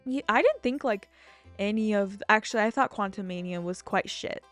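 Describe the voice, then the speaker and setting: Woman in her twenties, casual gameplay commentary, rambling, excitable, swears a lot, desk mic, faint game music behind. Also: mid-range voice, normal speed. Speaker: gaming YouTuber.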